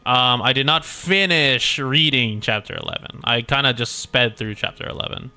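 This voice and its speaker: His mid-range voice is bright and forceful with a clean tone, moving at a normal speed. He's a young VTuber rambling through a casual livestream as he reads a game story, easily distracted and forever interrupting himself.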